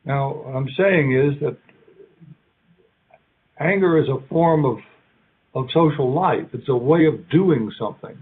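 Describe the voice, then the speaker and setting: Husky-voiced man lecturing, tinny sound. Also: medium pitch. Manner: conversational, halting, acts out little quoted lines. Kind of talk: academic keynote lecture. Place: lecture hall.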